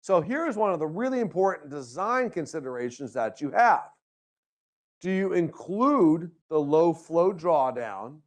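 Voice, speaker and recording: A man's voice: a little high, sing-song, measured pace. A male university lecturer giving a classroom lecture, tossing out rhetorical questions and light joking asides to his students. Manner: checks in with frequent rhetorical questions.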